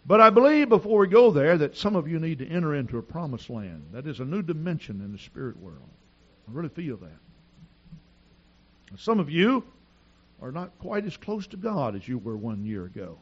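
A middle-aged man preaching a sermon, telling stories in an animated, repetitive way with frequent restarts. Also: a little high, normal speed, lo-fi sound. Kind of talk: sermon with storytelling.

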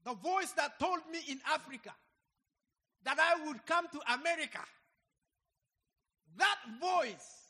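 A man in his fifties preaching a sermon, emphatic and dramatic, swinging between loud exclamations and soft asides. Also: extremely high pitch. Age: 50s. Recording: long hall reverb.

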